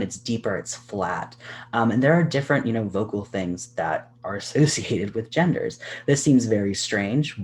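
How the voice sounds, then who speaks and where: Male workshop presenter, lowish voice, chatty delivery full of fillers, gesturing as he talks. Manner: casual, chatty, many "you know" fillers; gestures a lot with his hands while talking. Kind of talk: educational workshop talk to camera. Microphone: recorded for a video.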